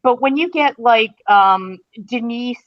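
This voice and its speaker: A woman's voice: a little high, slow pace. A woman co-hosting a podcast, giving candid opinions in a hesitant, casual way over dull lo-fi audio. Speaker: podcast co-host. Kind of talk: casual chat.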